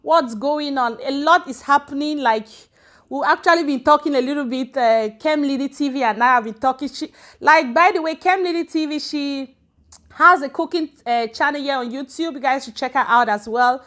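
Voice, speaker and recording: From home in Sweden, an African woman runs a relaxed livestream, chatty and calling out viewers by name as she moves between English and Swedish. She has a high, fairly bright voice and speaks at a moderate pace.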